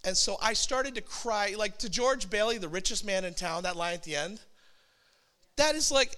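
A man in his thirties, a pastor telling a personal story in a sermon, animated and self-deprecating. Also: sits high.

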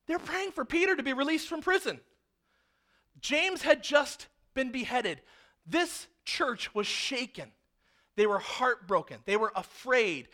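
A man preaching a sermon with a very high, bright voice. As a pastor he tells the story in a lively way and slips into the voices of the people in it to act out their lines.

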